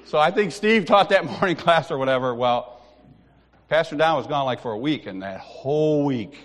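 A man's voice: on the high side, animated, moderate pace, long pauses. A man giving a sermon in a church, telling a personal story with acted-out dialogue and laughing at himself. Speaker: lay preacher. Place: church sanctuary. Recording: long hall reverb.

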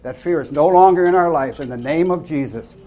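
A middle-aged man giving an informal sermon to a small church group, earnest and folksy, with loud whoops and amens. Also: on the high side, brisk. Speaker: lay preacher.

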